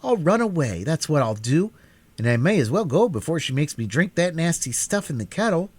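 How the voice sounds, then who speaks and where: A man's voice: on the high side, sing-song, moderate pace, darkish tone, dry recording, pitched above the performer's own voice. A man reading aloud and voicing a frightened, rebellious young boy who pleads and protests anxiously.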